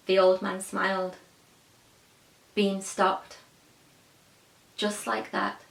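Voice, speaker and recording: A woman's voice: medium pitch, flat delivery, extremely slow, creaky, long pauses. A woman telling a children's story expressively, asking her listeners questions, in an echoey room.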